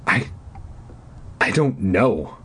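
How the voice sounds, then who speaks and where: A man's voice: lowish voice, very animated, very slow, a bit bright, breathy edge, exaggerated voice. A man voicing a nervous young girl in a storybook reading, shaky and unsure. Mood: uneasy.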